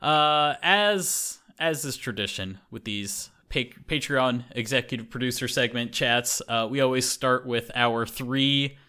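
A podcast host from an English-speaking country talks loosely in a casual chat, rambling with many fillers and restarts. His medium-pitched voice is bright, forceful, and smooth, and he speaks a little slowly with hardly any pauses.

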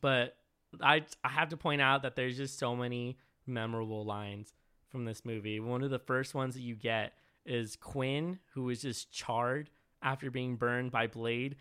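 Bright, animated man chatting. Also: mid-range voice, a little slow, clear, resonant tone. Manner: animated, swearing storyteller. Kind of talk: casual chat.

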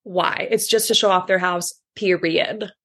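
A young woman co-hosting a casual chat podcast, blunt and quick to contradict. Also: on the low side, steady tone, fairly bright tone. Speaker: podcast co-host.

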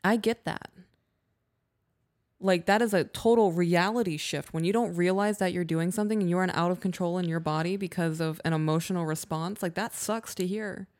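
A woman's voice: on the low side, normal speed, darkish tone. A woman co-hosting a podcast, giving frank, conversational relationship advice in casual chat. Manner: frank, conversational, acts out example dialogue. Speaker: podcast co-host.

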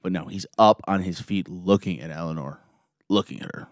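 A man excitedly recapping a show episode scene by scene, gushing like a fan. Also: sits low, brisk, no room sound, studio quality.

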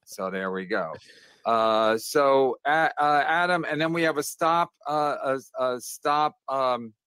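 A man's voice: mid-range voice, fairly bright tone, smooth, dry recording. A man explaining contest rules in a played clip, stumbling over fillers and restarts. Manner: halting, full of fillers and restarts. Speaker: roast organizer.

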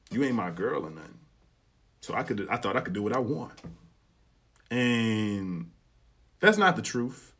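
Animated man podcasting in AAVE. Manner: animated storytelling, acts out quotes with rising pitch, swears freely. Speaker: podcast host. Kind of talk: casual solo podcast commentary.

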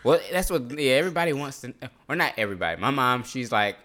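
A man's voice: medium pitch, expressive, quick pace, sharp tone. A man co-hosting a casual podcast chat, joking, swearing and laughing often. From North Carolina. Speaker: podcast co-host.

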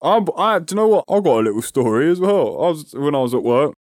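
Higher-voiced London man, dry sound. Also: big pitch swings, fast, a little mellow, dry recording. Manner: laughing, slangy, stumbles on words. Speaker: podcast co-host. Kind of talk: casual storytelling chat.

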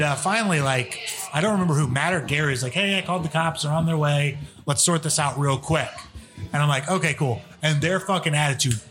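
A man who wrestles for a living spins loose, swear-filled road stories in a relaxed, offhand way. His voice sits a little high for a man. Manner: profane, rambling, laid-back storyteller. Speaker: guest, professional wrestler. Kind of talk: casual podcast storytelling.

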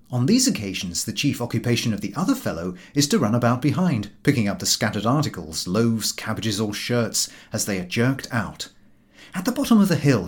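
Man narrating with a wide, lively pitch. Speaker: audiobook reader. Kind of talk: humorous book narration.

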